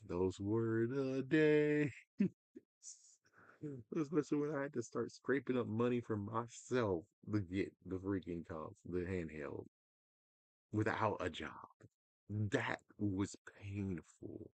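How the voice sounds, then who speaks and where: A man's voice: low voice, animated, unhurried, no echo. A man ranting casually about video games, exasperated and profane, now and then mocking other people in a put-on voice. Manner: swings between loud outbursts and muttering. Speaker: gaming commentator. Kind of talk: casual rant to camera.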